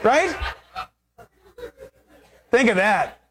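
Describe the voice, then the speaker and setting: Brief: male pastor, sermon delivery, lively and animated, acts out dialogue. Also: very high voice, extremely slow. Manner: animated, acts out quoted voices with laughter.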